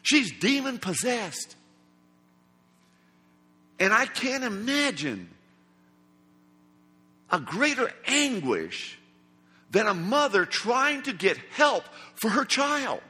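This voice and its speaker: A man's voice: extremely high pitch, very animated, slow, long pauses, sharp tone, slightly rough. A man preaching a sermon in an emphatic, dramatic way, acting out the quoted lines. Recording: long hall reverb.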